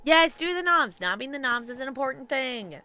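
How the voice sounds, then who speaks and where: A woman's voice: sits high, animated, fairly quick, pushed and bright, smooth, soft background music. A woman streaming a game, chatting bubbly and casually with her viewers as she plays. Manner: bubbly and chatty, talks to chat. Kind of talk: live gameplay commentary.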